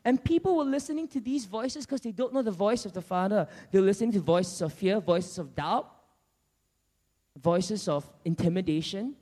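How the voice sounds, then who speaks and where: Male preacher with a very high voice and a lively storytelling delivery, recorded in an echoing hall. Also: moderate pace. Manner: animated storytelling, acting out characters. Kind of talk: sermon. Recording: long church hall reverb.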